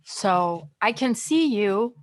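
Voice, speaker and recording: A woman teaching a college communication class online from home, chatty and lively, acting out different tones of voice. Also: medium pitch, slow pace.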